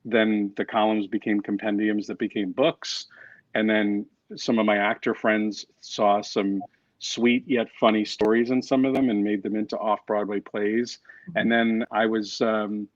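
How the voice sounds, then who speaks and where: A man tells wry, self-deprecating stories, doubling back on his words as he goes. His voice sits low. The call sounds dull and dry, like a laptop mic in a small room. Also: flat delivery, a little slow, no room sound. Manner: storytelling, self-deprecating, restarts often. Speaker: guest author and coach. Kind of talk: casual interview chat.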